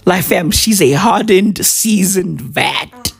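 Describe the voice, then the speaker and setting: A comedian vlogger in his thirties works through a profane comic monologue, taking his time and drawing his words out. His voice is high, gravelly and slow, with lively intonation that climbs and falls widely, and he keeps throwing in "right?" and "bruv".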